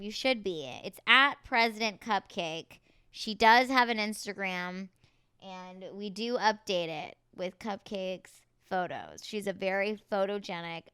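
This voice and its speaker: Bubbly bright-voiced woman co-host. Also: mid-range voice, clean tone. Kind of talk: casual chat. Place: Los Angeles home.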